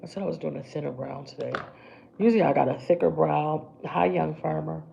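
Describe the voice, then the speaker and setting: A woman's voice: low-pitched, brisk, vocal fry, dark tone, muffled recording, slight background noise. A woman hosting a casual makeup livestream, chatting to viewers as she works on her brows. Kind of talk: casual live makeup chat.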